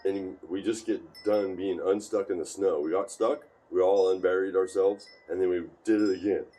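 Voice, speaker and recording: A man telling rambling stories at home in a casual chat, jumping into higher voices when he quotes his friends. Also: steady tone, moderate pace, dark tone.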